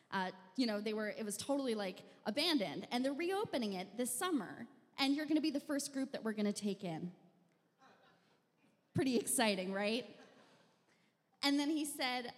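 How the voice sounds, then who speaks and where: Young woman, comic storyteller, wry and deadpan, higher voice, long hall reverb. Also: moderate pace. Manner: wry, deadpan, self-mocking. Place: live venue stage.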